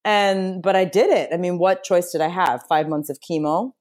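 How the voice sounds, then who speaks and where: A woman telling a personal story as an interview guest, chatty and expressive, with frequent fillers and restarts. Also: on the low side, normal speed. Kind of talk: casual storytelling in a conversation.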